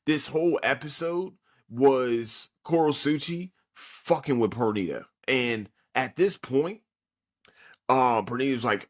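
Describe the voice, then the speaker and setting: A young man hosting a podcast, casually recapping an anime episode in an excitable, profane way with lots of fillers. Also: medium pitch, unhurried. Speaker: podcast host.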